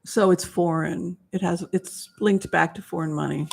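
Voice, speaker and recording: A woman's voice: fairly low pitch, fairly even intonation, normal speed, gravelly, slightly rough. A woman hosting a casual tarot reading livestream, earnest and at times dropping to near whispers. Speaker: psychic livestream host.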